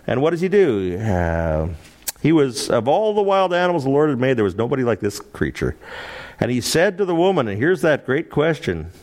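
A man teaching through a Bible passage, animated and laughing often as he acts out the quoted lines. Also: on the low side, moderate pace.

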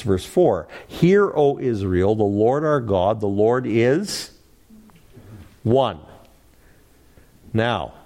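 A man teaching a Bible study class, lecturing and asking the group questions. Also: on the low side. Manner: animated, asks the class questions, laughs lightly.

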